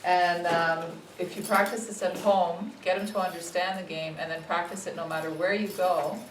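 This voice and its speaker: A woman with a lowish voice explains puppy training in a calm, steady way. She sounds a little far from the mic in an echoey room. A faint noise sits underneath. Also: normal speed.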